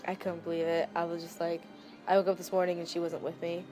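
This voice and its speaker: Soft-spoken young woman recalling a loss. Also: on the low side, level tone, over music. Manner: soft, reflective, halting with many "like"s. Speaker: friend of the deceased. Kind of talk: documentary interview, recounting a loss.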